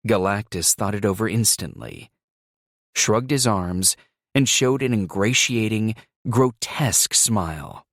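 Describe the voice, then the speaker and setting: A man reading a thriller audiobook in a slow, measured storytelling voice. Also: on the low side, big pitch swings, gravelly, no echo, studio quality. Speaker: audiobook narrator. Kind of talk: scripted narration.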